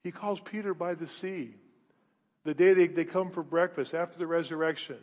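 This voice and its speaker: Emphatic preacher in a reverberant hall. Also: male voice, fairly high pitch, fairly even intonation, normal speed, dull audio. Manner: emphatic, repeats words, rhetorical questions, swings from loud to hushed. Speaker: pastor. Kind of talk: sermon. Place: church.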